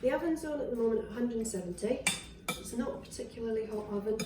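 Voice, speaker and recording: A woman's voice: on the high side, quick pace, noisy background. A woman with a Scottish accent casually walks through a cooking demonstration in her home kitchen. She talks in a chatty, rambling way, with fillers and restarts. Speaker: wellness vlogger. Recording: roomy, distant, with clattering kitchenware. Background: clinks of dishes, cutlery and pans.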